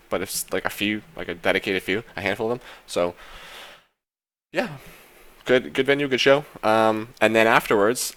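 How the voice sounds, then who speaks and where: A man's voice: deep voice, fairly bright tone. A young man casually recapping a concert in a vlog, rambling with lots of fillers and casual swearing. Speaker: vlogger.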